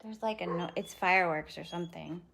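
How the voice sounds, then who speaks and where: A woman chatting casually on a live stream from her home, breaking off to coax her dogs in a high voice. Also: brisk, creaky, fairly bright tone, husky. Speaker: home dog breeder.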